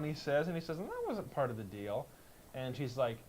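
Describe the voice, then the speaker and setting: A man co-hosting a casual podcast, retelling a show in a rambling, animated way and slipping into quick voices. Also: medium pitch, rough recording. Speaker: podcast co-host. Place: house with a kitchen fan running. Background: faint fan hum.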